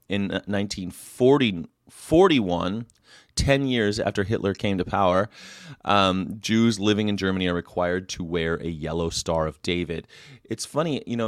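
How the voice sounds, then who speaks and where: A man's voice: sits low, no room sound, studio quality. A man hosting a casual daily chat show, rambling through history notes with jokey asides and side remarks to viewers. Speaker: host.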